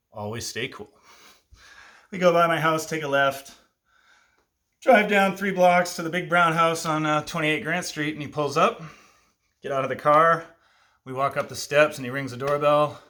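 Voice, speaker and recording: A man in his fifties telling a personal childhood story, lively and self-amused, with asides to the listener. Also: on the high side. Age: 50s.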